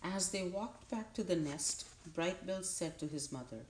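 A woman narrating a storybook in a calm, steady way. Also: on the low side, measured pace, hardly any pauses. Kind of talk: audiobook narration. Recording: roomy echo.

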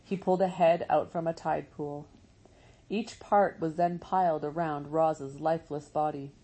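A woman reading a storybook aloud as narrator, in a measured, steady way. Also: low-pitched, rough recording. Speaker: audiobook narrator.

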